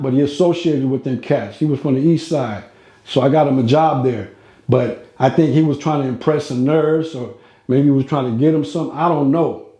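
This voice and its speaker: A man's voice: medium pitch, dark tone, highs cut off. A man telling a casual, slangy, rambling story from his own life, recorded with a roomy echo. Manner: slangy, rambling, street talk.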